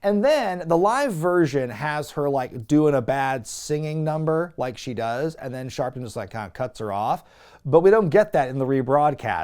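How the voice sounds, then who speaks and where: Animated sarcastic man recapping wrestling. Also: a little high, normal speed. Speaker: wrestling review show host. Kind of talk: casual recap commentary.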